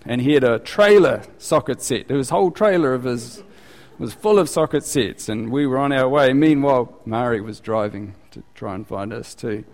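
Pastor preaching in an echoing hall. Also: male voice, normal speed. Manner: conversational, animated, rising in pitch for quoted questions. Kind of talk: sermon. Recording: long reverb of a large hall.

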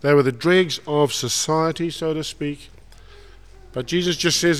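A man preaching a sermon, folksy and animated, putting questions to the congregation. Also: on the high side, measured pace. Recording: long hall reverb.

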